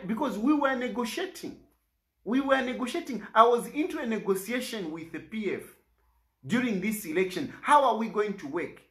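A Zambian man, an opposition politician, makes an impassioned public statement, his high, fairly bright voice sounding aggrieved and pleading. He repeats lines for emphasis.

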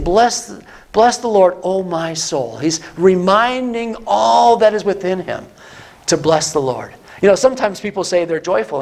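Male pastor, higher-pitched voice, earnest teaching sermon that repeats points for emphasis. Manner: repeats key lines for emphasis, asks the listeners questions.

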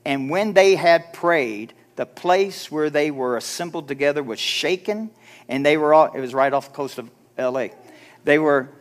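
A man's voice: on the high side, moderate pace. A pastor preaching a church sermon, urging his listeners with emphatic rhetorical questions and acting out quoted people in mock voices.

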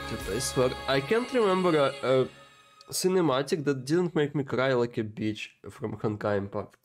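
Excitable man reacting to anime. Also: medium pitch, soft background music. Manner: excitable, emotional, talks to viewers; halting, repeats words, non-native phrasing. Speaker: anime reaction video host. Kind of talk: casual reaction commentary.

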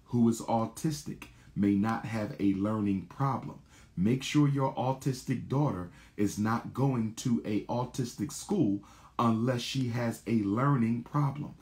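A man's voice: lowish voice, darkish tone. A man hosting a show, reading viewer questions aloud and answering them emphatically, often repeating his key lines word for word.

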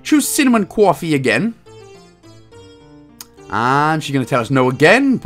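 A man's voice: sing-song, measured pace, long pauses, a bit bright. Guy doing a goofy game walkthrough, voice swings up and down a lot, faint music behind. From Wales. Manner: bursts into silly high-pitched voices and laughs at own jokes. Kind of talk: jokey game walkthrough commentary.

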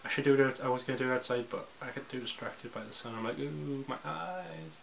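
A man's voice: medium pitch, little pitch movement, racing, a bit bright, slight background noise. A teenage boy chatting casually on his home vlog, rambling and restarting with jokey asides. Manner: rambling, self-interrupting, jokey. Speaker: vlogger. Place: indoors at home.

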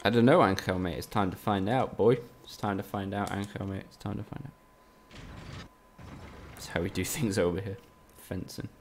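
A man's voice: fairly low pitch, normal speed, slight background noise. A man from the UK, streaming a game live and trading teasing, sweary banter with his chat. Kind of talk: casual live-stream commentary.

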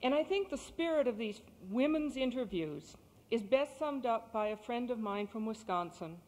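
A woman's voice: on the high side, expressive, moderate pace, darkish tone. Articulate woman giving a speech. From Texas. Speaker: guest speaker. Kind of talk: prepared public speech. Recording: cassette recording in a reverberant hall.

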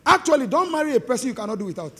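A middle-aged man with a Nigerian accent, preaching an animated, joking sermon to a live congregation. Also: very high-pitched, racing, a little hiss or hum. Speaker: pastor. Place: large hall with live congregation. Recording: long hall reverb.

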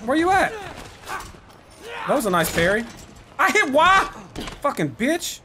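Let's-play host, man, profane trash talk at the screen, high animated voice. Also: a little slow, noisy background. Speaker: gameplay commentator. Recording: game audio and music under voice.

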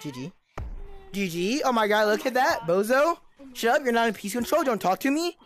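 A woman's voice: a little high, animated, normal speed, faint music behind, pitched above the performer's own voice, lightly acted. A woman playing a cocky, trash-talking young online gamer who keeps taunting other players. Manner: taunting, bragging, repetitive insults. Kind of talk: gameplay role-play impression.

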